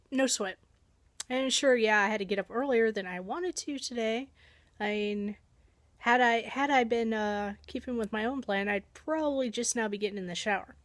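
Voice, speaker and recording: A woman's voice: on the high side, dry recording. A woman vlogger casually telling a long everyday story, chatty and self-deprecating, acting out her own thoughts as she goes.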